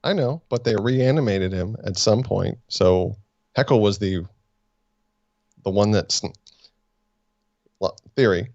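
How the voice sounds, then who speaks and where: This man co-hosts a casual review podcast, rambling and teasing as he works through his theories. His voice sits low for a man. The recording is dry and close but dull and lo-fi. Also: slow pace, long pauses, a little mellow, no echo. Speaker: podcast co-host. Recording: dull lo-fi sound.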